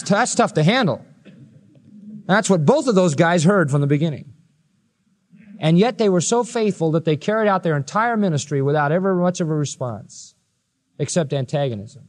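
A man preaching a sermon, slowing right down to read scripture and swinging his voice up high to stress a point.

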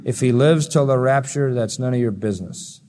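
A man's voice: mid-range voice, normal speed. Man preaching in a echoing hall. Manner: animated storytelling, acts out voices. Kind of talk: sermon. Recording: long reverb of a large hall.

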